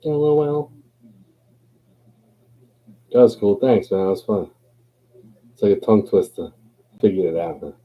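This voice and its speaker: A man's voice: low-pitched, brisk, pauses often, husky. A man hosting a live open chat, talking in a laid-back, slangy, rambling way with playful chanting. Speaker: livestream host. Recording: phone-like lo-fi stream audio.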